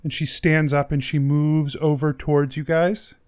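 A man's voice: a little high, flat delivery, moderate pace, a little mellow, smooth. A man narrating a tabletop game as game master, in a casual, laid-back way with many fillers.

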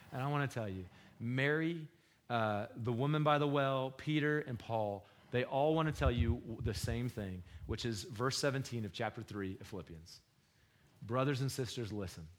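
A man preaching a sermon in an easy, slangy way, as if talking to friends. He swings between loud, emphatic bursts and soft, low retellings of scripture, and his pitch sits in a middle range. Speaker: pastor.

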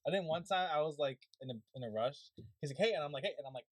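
A young man talks fast and loose on a podcast, piling up restarts as he tells a story. The sound is close and dry, with no room around his voice. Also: fairly high pitch, dry recording, rough recording. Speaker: podcast co-host. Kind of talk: casual chat.

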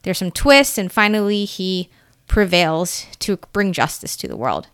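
Smooth-voiced chatty woman podcast host. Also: medium pitch, expressive, a little slow, fairly bright tone, no room sound, clean studio sound. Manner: chatty, laughs easily, rambling asides. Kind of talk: casual solo podcast talk.

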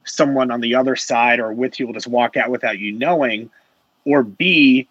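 A man with a bright, forceful voice talks through ideas in a loose, rambling way, leaning on fillers. The sound is dull and dry, with little room tone. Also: mid-range voice, moderate pace, slightly rough, dry recording. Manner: rambling, heavy on filler words. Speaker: sales manager. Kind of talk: casual panel chat.

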